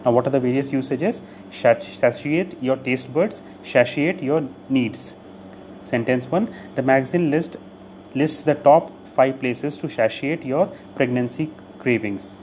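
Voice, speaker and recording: Male vocabulary teacher, mid-pitched and explanatory, repetitive delivery, light background noise. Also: a little slow, darkish tone. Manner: explanatory, repeats key phrases, occasional Hindi glosses. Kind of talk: video vocabulary lesson.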